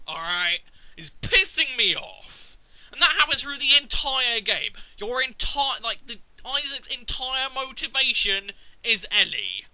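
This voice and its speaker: A man's voice: sits high, bright, forceful tone, no echo, low-quality recording. A man, ranting casually and profanely about a video game. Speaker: gaming video maker. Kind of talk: casual rant.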